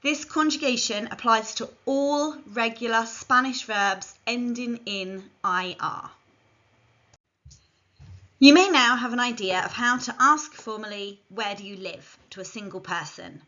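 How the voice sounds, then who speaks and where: A woman's voice: a little high, measured pace, pushed and bright. A woman giving a scripted language lesson, carefully modelling phrases for learners to repeat. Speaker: language teacher. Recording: dull lo-fi recording.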